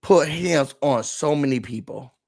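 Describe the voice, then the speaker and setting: A man hosting a casual reality TV recap, talking in an animated, dramatic way with slangy asides. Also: fairly high pitch, a little slow, gravelly.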